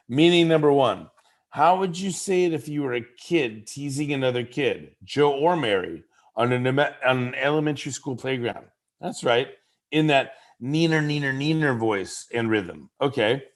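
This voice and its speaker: A man at a middle pitch talks through a lesson in a loose, conversational way. He stops to act out inflections playfully and keeps an easy, informal tone. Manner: playful, demonstrates voices and inflections. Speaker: game creator giving tips. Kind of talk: casual instructional talk.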